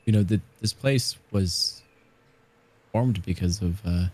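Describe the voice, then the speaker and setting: A man playing a character in a tabletop game, speaking gently and hesitantly with stammers. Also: deep voice, slow pace, slightly rough. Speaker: player.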